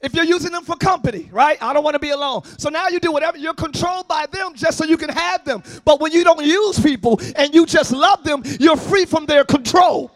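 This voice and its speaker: A man preaching a sermon as pastor, often shouting. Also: extremely high pitch, a little fast, hardly any pauses. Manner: shouting, sing-song preaching with call-and-response. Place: church service, before a congregation.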